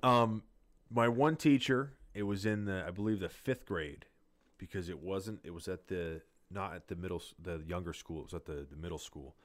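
Lower-pitched man telling stories, profane. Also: moderate pace. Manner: rambling, profane, animated storyteller. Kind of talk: casual storytelling chat.

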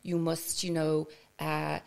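A woman playing a brisk, bossy South American beautician, with a put-on South American accent. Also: low voice, completely flat delivery, creaky, a little mellow, heavily acted. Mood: instructing.

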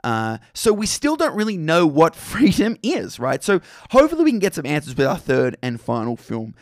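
A man's voice: a little high, huge pitch swings, moderate pace, no room sound, studio quality. An Australian man hosting a film discussion podcast, talking in a thoughtful, searching way with many fillers and restarts.

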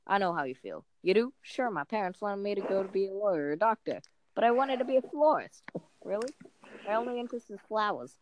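A woman's voice: mid-range voice, animated, quick pace, muffled recording, a little hiss or hum, close to an everyday voice. A woman voicing a wisecracking New York comedian guy, reading movie lines in a New York accent. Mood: wry. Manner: reads movie lines in a put-on comic voice. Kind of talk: comic movie-script reading.

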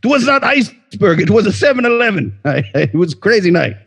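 A bumbling ship captain, as a man puts him on, his husky voice pitched up and bouncing around. He owns up in clumsy broken English. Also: sing-song, fairly quick, fairly bright tone, exaggerated voice. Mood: sheepish. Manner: broken English, sheepish confessions. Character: bumbling Russian warship captain, man, self-mocking.

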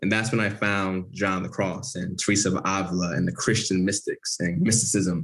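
A man's voice: sits low, little pitch movement, a little fast, fairly bright tone. A man as an interview guest, telling a personal story in an earnest, vivid way.

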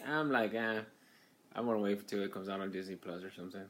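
Low-voiced guy ranting with heavy swearing. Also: quick pace. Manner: animated, swears heavily, rants. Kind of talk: casual chat about movies.

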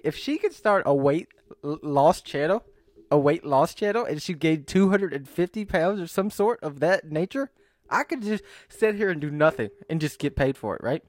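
A man's voice: on the high side, lively intonation, moderate pace. A young man vlogging to camera in a rambling, self-mocking monologue, often breaking into laughs and sighs.

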